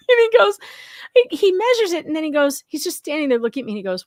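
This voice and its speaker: A woman guesting on a livestream, telling stories in an animated way, acting out quotes and laughing often. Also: high-pitched, fast talker, dry recording, studio quality. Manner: animated storyteller, acts out quotes, laughs a lot. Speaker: guest co-host. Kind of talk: casual livestream chat.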